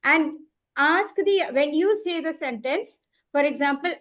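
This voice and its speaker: A woman trainer explaining activities in a live online workshop over a video call, repeating key words and slowing down for examples. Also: high voice. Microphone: computer mic on a video call.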